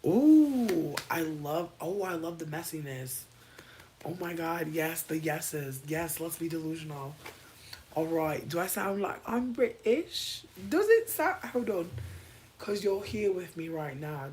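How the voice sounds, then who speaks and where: A streamer from Connecticut chatting casually to their viewers at home late at night, expressive and dramatic, swearing freely and often dropping into whispers. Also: medium pitch, slight background noise, low-quality recording. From Connecticut, USA. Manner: dramatic, playful, talks to chat. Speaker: livestreamer. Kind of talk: casual livestream chat.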